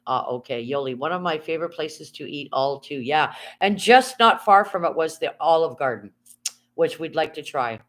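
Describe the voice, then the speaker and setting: A woman's voice: low-pitched, animated, moderate pace. Chatty woman live streaming. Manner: chatty, rambling, swears freely, reads chat aloud. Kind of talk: casual live stream chat.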